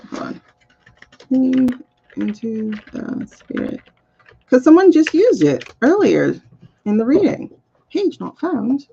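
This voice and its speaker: Woman, livestream card reader, chatty, distracted, gravelly, unhurried. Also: on the high side, mellow, muffled recording, slight background noise. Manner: chatty, distracted, laughs and mutters while fiddling with links. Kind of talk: casual livestream chat.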